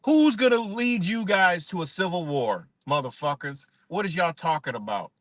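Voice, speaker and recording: A man's voice: high-pitched, lively intonation, normal speed, fairly bright tone, no room sound. A man ranting on a live stream, heated and profane, firing off rhetorical questions. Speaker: livestreamer. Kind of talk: unscripted live-stream rant.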